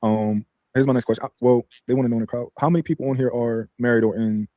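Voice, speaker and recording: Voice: medium pitch, fairly even intonation, quick pace, mellow, no room sound. A co-host who reads out audience questions and moves the conversation along steadily. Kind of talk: casual chat.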